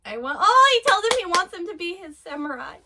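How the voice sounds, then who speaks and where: A woman reacting to an anime episode in casual commentary, giggling often and gushing excitedly in broken-off fragments. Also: very high voice, fairly quick, background noise.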